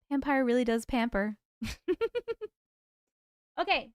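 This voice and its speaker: Chatty high-voiced woman hosting a livestream. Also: lively intonation, unhurried, pauses often, a bit bright, clear, resonant tone, dry recording, studio quality. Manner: chatty, laughs often, stumbles over words. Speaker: livestream host reading viewer stories. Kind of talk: casual livestream chat.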